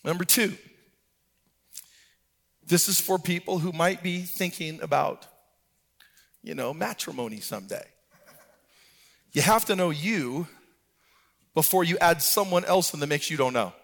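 A man's voice: a little high, expressive, unhurried, creaky, long pauses, a bit bright. A middle-aged man pastor delivering a sermon, telling stories and swinging into a sung, preachy cadence.

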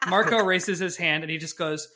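Young male podcast guest, bright tone, rambling joker. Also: high voice, fairly even intonation, normal speed. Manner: rambling, jokey storyteller. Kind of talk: casual movie-review chat.

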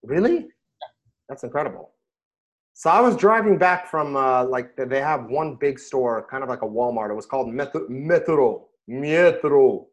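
A middle-aged man, a rabbi, chatting casually about scripture and telling stories with lively bursts when he quotes himself. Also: medium pitch, moderate pace. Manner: animated storyteller, rises sharply when quoting himself. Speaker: rabbi and podcast host. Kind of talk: casual Torah discussion and storytelling.

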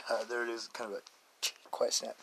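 Over a noisy background, a man with a medium-pitched, creaky voice talks at a moderate pace with flat delivery. He's hosting his own podcast, laughing often as he drifts through a rambling, jokey monologue of stories and life advice.

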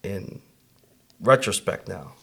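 Animated low-voiced male podcast storyteller. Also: slow pace, gravelly, breathy edge. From Chicago. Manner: animated storyteller, acts out his own past words. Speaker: podcast co-host.

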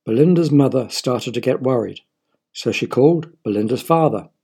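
A man narrating a children's story in a playful, engaging way, pausing to ask his young listeners questions. His voice is husky and breathy, sitting at an ordinary middle pitch for a man. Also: warm tone.

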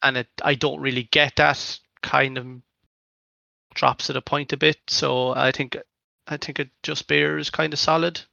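A man's voice: fairly high pitch, level tone, normal speed, vocal fry, pushed and bright, no echo, dull audio. A man co-hosting a podcast, talking in a hesitant, hedging way. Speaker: podcast co-host. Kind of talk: casual chat.

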